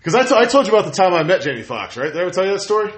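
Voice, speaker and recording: A man hosts a casual talk and tells stories with animated, acted-out quotes. His voice sits a little high. The room around him is echoey. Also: racing, slight background noise. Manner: animated storyteller, acts out quotes. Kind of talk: casual chat. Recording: roomy echo.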